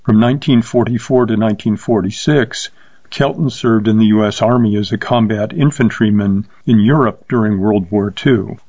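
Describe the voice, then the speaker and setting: Man reading a story, steady and measured. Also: lowish voice, dry recording. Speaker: narrator reading short stories aloud. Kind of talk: storybook narration with light character voices. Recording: slightly dull, dry recording.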